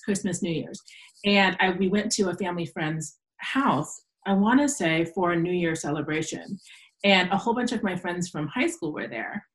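A woman in her forties speaks as a guest on an interview show. She tells her stories in a relaxed, conversational way. When she quotes other people, she acts them out in a higher voice. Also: rough recording. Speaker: podcast guest, educator. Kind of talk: casual storytelling interview.

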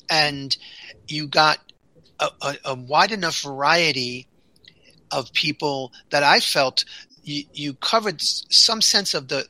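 A man hosting a podcast, asking long, halting questions with repeated words. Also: a little high, bright, forceful tone, no room sound, low-quality recording. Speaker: podcast host. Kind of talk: interview questions.

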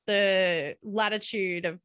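Chatty Australian woman, bright dry voice. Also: medium pitch, fairly even intonation, slow pace, clear, resonant tone, no room sound. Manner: chatty, lots of "like" and "um". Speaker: podcast co-host. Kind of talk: casual chat.

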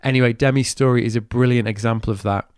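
A man's voice: medium pitch, fairly even intonation, fast, clean tone, dry recording, clean studio sound. A man from Manchester with a cold that makes him nasal, hosting a podcast with a cheeky, enthusiastic manner. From Manchester, England. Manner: enthusiastic, cheeky, swears casually. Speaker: podcast host. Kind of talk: scripted intro, then casual interview chat.

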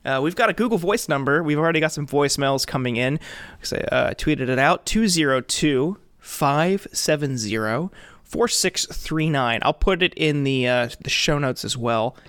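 A man's voice: on the high side, animated, normal speed, a bit bright, clear, resonant tone, dry recording, studio quality. A man co-hosting a podcast, laid-back and joking, with many fillers. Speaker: podcast co-host. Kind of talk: casual podcast chat.

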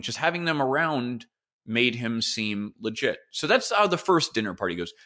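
A man's voice: mid-range voice, a bit bright. A man hosting his own podcast in a mid-range voice. He talks things through in a loose, conversational way and speculates as he goes. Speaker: podcast host. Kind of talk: casual monologue commentary.

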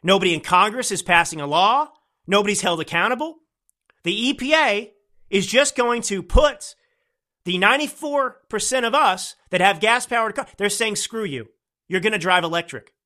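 A man's voice: high voice, moderate pace, pushed and bright. A man hosting a political podcast, talking in an indignant, scornful and repetitive way. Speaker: podcast host. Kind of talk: political commentary.

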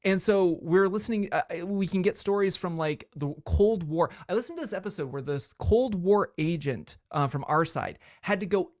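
Man, podcast co-host, enthusiastic, rambling, slightly high voice, dry sound. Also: lively intonation, moderate pace, hardly any pauses, no echo. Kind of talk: casual chat.

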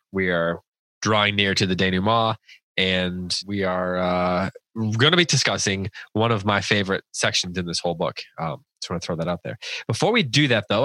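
Bright-voiced podcast host. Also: male voice, deep voice, dry recording. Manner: playful, rambling with restarts. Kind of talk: casual podcast chat.

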